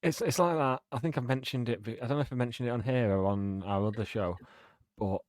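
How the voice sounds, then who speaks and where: A man's voice: medium pitch, fast, darkish tone, dry recording. A man co-hosting a comedy podcast, telling wry, dry anecdotes. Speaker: podcast co-host. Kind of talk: casual comedic banter. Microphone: close podcast mic.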